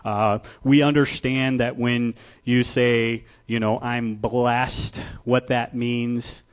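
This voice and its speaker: A man's voice: medium pitch, flat delivery, slow pace. Conversational male pastor preaching. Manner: conversational, builds from quiet to loud; rhetorical questions to the congregation. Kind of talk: sermon.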